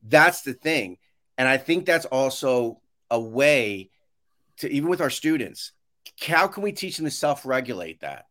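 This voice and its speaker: A man's voice: medium pitch, a little slow. A man speaking as a guest in a casual interview over a video call, telling stories with many restarts and acting out what others said. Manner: animated storyteller, acts out quotes, many restarts. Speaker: podcast guest, education consultant. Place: home office with shelves.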